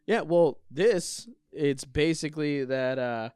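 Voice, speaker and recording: A young man co-hosting a comedy podcast in a loose, jokey chat, laughing often. His voice sits fairly high. The sound is close and dry. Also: animated, moderate pace, darkish tone, no echo. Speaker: podcast co-host.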